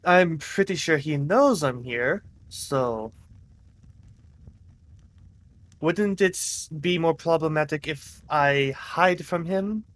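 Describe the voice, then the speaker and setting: A man's voice: a little high, unhurried, lightly acted. A man voicing a cat prince who speaks formally in an affected regal accent. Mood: diplomatic. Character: soft-spoken cat prince, putting on regal airs.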